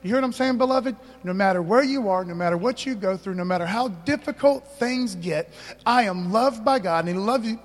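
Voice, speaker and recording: A man's voice: high-pitched, moderate pace, in a large hall. A man pastor preaching a sermon, emphatic, calling out to the congregation for responses.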